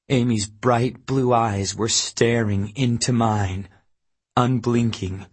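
A man narrating a first-person audiobook in a grim, measured manner. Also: medium pitch, steady tone, husky.

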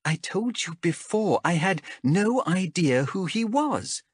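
A man's voice: sits high, sing-song, slow, breathy edge, no room sound, studio quality, voice pushed up, exaggerated voice. A male narrator voicing a stubborn young woman explorer who speaks earnestly and defensively in a raised voice. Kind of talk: audiobook character voice.

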